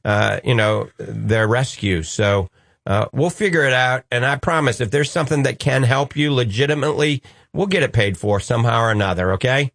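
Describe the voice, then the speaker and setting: A man's voice: mid-range voice, moderate pace, gravelly, a bit bright, no echo, studio quality. Upbeat New Orleans radio host man. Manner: upbeat, reassuring, jokey. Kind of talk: call-in radio chat.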